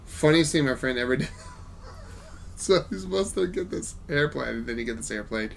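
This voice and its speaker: A man in casual gaming chat, telling stories in an animated way and laughing often, with a faint noise behind him. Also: medium pitch, normal speed, gravelly. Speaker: podcast host.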